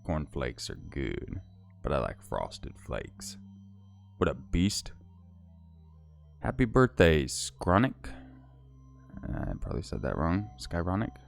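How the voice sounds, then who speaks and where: A man with a low voice hosts a relaxed livestream and reads out viewer names and comments. He chats in a loose, easygoing manner, thanking people as he goes. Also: slow, gravelly, pauses often, soft background music. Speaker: livestream host. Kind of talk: casual livestream chat.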